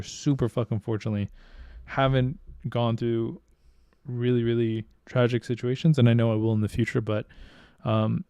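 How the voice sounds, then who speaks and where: A man's voice: mid-range voice, a little mellow, clear, resonant tone, dry recording, clean studio sound. Candid, swearing podcast host man. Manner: candid, swears freely, reflective. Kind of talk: casual chat.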